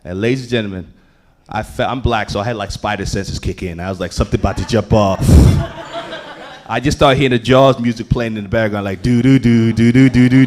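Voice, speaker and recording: A man telling a story on a comedy club stage, swinging between loud bursts and low asides. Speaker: stand-up comedian. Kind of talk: stand-up storytelling.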